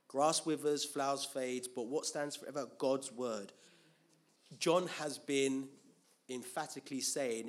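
A man's voice: mid-range voice, a little slow. A man preaching a Bible teaching sermon, asking rhetorical questions and answering them himself, with frequent restarts and repeated words.

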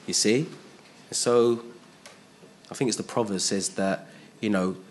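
A man's voice: lowish voice, steady tone, measured pace, slight background noise. A man preaching a sermon. He is emphatic, repeats his phrases and asks his listeners rhetorical questions.

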